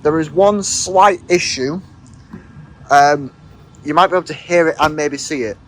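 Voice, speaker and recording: A man's voice: fairly high pitch, measured pace, fairly bright tone, slight background noise, rough recording. Matter-of-fact man explaining specs. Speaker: car reviewer. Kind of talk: casual car review.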